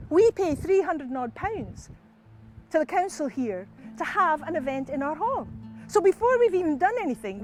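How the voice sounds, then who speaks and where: Scottish woman storyteller, high and lively, chatty, speaking to an audience. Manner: animated, conversational.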